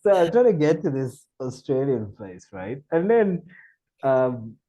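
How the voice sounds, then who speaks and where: A man's voice: mid-range voice, a little slow, dull audio. A man in his forties from Zambia, telling stories as a podcast guest, acting out dialogue and laughing often. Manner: animated storyteller, acts out dialogue, laughs often. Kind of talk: casual storytelling interview.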